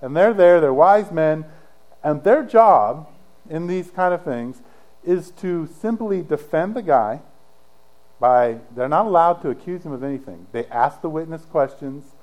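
A middle-aged male pastor preaching a sermon in a casual, conversational way, telling the story with dramatic swings from emphatic to hushed. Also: fairly high pitch, animated, unhurried, low-quality recording.

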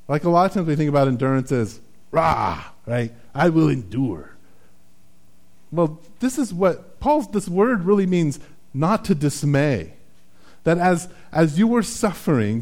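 A man's voice: fairly high pitch, darkish tone. A man preaching a sermon in a conversational, self-deprecating way, often checking in with "right?". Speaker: pastor.

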